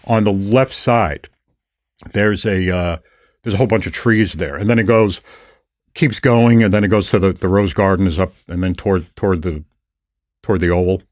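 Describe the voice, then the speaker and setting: An older man hosts a casual podcast, telling stories with animated retellings of the people he met. His voice sits low, and the recording is close and dry with no room sound. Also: normal speed, no echo. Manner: storytelling, animated retelling of encounters. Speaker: podcast host. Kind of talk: casual conversation.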